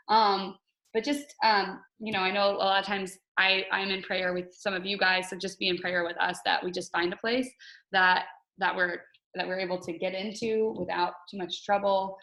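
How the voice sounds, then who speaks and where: A chatty, candid woman hosts a casual team video call, with a voice of middling pitch. She laughs easily as she talks. The sound bounces around a roomy, echoey space. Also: fairly bright tone. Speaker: team coach host.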